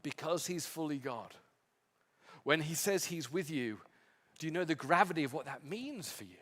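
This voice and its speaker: A male pastor preaching a sermon with impassioned emphasis, swinging from strong peaks to quiet, low passages. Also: lively intonation, moderate pace, big-room sound. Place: church sanctuary.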